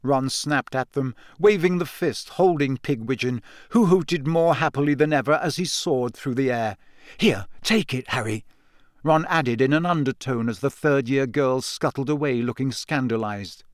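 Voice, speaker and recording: A man narrating an audiobook in a measured, even storytelling manner. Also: mid-range voice, no echo. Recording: dry close studio sound.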